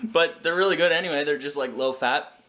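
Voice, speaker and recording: A man's voice: fairly high pitch, fairly quick, bright, forceful tone, a little hiss or hum. A man talking casually in a home vlog, chatty and self-mocking, with a kitchen around him. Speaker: vlogger.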